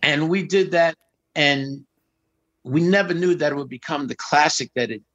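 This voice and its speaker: A middle-aged man casually telling an anecdote as a guest, animated and acting out quotes with jumps in pitch. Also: normal speed, dry recording, dull audio. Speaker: guest storyteller.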